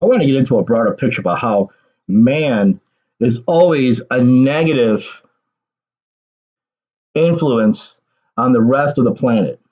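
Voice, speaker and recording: A man's voice: medium pitch, animated, unhurried, pauses often, a little mellow, dull audio. A man giving a ranting solo political commentary, sarcastic and agitated, swearing and laughing bitterly.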